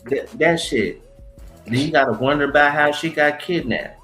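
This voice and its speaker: A man's voice: a little high, moderate pace, fairly bright tone, faint music behind, low-quality recording. A man co-hosting a casual podcast, ranting in a heated, profane way. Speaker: podcast co-host. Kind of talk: casual chat.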